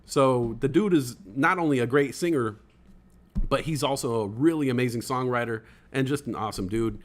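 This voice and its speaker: A man hosting a casual livestream podcast, reading chat comments aloud and rambling excitedly, swearing now and then. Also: medium pitch, moderate pace.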